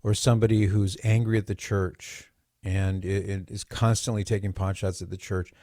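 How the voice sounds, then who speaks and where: A man hosting a radio show, telling a personal story in a lively monologue and acting out the quoted dialogue. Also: deep voice, normal speed, no echo, studio quality. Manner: animated, acts out quoted dialogue.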